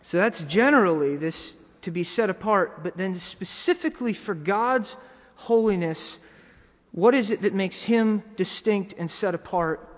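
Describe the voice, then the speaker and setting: A man's voice: sits high, animated, a little slow. Man preaching a sermon in a hall. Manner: teaching, with frequent restarts and repeated words.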